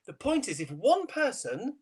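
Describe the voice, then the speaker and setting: A middle-aged man, a TV chef guest, chatting casually in an interview and telling animated stories with frequent laughter. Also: very high-pitched, unhurried, breathy edge. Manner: animated storyteller, laughs often.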